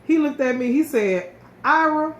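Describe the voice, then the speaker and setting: A woman's voice: medium pitch, moderate pace, lo-fi sound. A woman telling a personal story in a casual, emotional way, often restarting and repeating words. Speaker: co-host sharing her story. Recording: echoey room with faint ambient noise.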